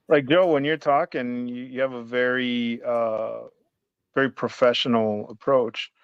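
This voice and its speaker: A man appearing as a guest artist over a video call, speaking in a hesitant, halting, self-effacing way. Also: mid-range voice, steady tone, clear, resonant tone, no room sound, lo-fi sound. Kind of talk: casual chat.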